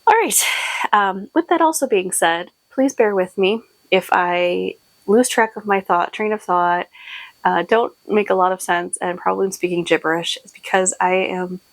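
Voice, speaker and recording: A woman's voice: fairly low pitch, moderate pace, dry recording, poor audio. A woman hosting her own podcast, chatting casually and rambling a little, short on sleep. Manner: chatty and rambling, with many fillers and laughs. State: sleep-deprived. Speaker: podcast host and shop owner. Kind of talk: casual chat to camera.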